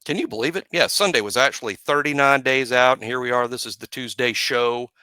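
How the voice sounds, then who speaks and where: A man's voice: medium pitch, a little fast, smooth, no room sound. A man hosting a sports podcast in casual chat, telling stories and acting out quotes. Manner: storytelling, acts out quotes loudly. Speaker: podcast host.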